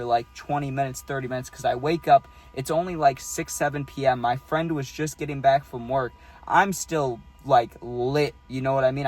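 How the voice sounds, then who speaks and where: A man casually telling a story for his vlog, laid-back and slangy, saying "dude" a lot, recorded outdoors on a phone. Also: mid-range voice. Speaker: YouTube storyteller. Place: outdoors on a hot day.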